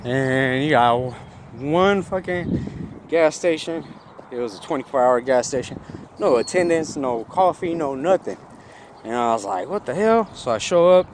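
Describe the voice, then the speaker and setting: Man, vlogger retelling confrontations, rough and profane, mid pitch, noisy outdoor audio. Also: expressive, a little slow. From Long Beach, California. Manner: profane, agitated retelling with acted-out quotes. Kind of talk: casual storytelling.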